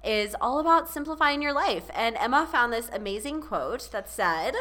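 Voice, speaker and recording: A woman's voice: fairly high pitch, lively intonation, moderate pace, bright, forceful tone. A young adult woman co-hosting a podcast, telling stories in casual chat with quoted asides. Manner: chatty, storytelling with quoted asides. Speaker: podcast co-host.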